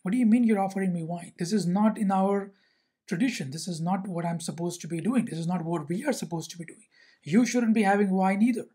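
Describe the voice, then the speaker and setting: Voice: medium pitch, brisk, dark tone, breathy edge, lightly acted. A teacher voicing a strict, disciplined Zen monk who protests with rising offense while telling a story. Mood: indignant.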